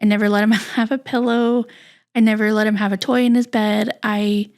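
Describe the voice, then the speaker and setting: A woman guest on a podcast, telling a personal story in a halting, candid, soft-spoken way. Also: medium pitch, level tone.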